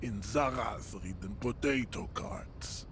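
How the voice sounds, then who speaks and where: A man's voice: medium pitch, slow, a bit bright, a little hiss or hum. A man voicing a towering, racist pseudo-scientist bouncer in a game, lecturing with grandiose contempt. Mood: pompous. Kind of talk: game voice acting. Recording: game audio under music.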